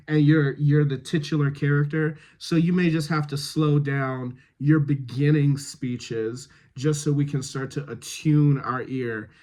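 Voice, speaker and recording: Slow-spoken man giving dialect notes. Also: a little high, darkish tone. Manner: slow, measured, with frequent ums and pauses. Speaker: dialect coach. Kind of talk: reading rehearsal notes to actors.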